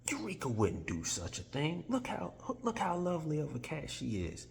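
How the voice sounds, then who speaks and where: A man voicing a soft-hearted, doting tin man who pleads and gushes in a high, distant-sounding voice. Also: huge pitch swings, normal speed, gravelly, big-room sound, heavily acted. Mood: gushing.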